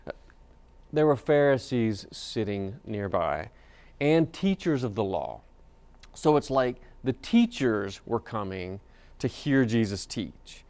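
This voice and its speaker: A man's voice: medium pitch, animated, slow pace, darkish tone, no room sound. A male pastor giving a sermon, telling a story in a conversational way with many fillers and restarts.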